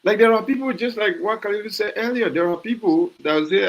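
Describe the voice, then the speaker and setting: A man's voice: high-pitched, brisk, rough recording. Fired-up Liberian man with rhetorical questions. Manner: passionate, repeats words and restarts, asks rhetorical questions. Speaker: podcast host. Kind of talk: casual opinion talk.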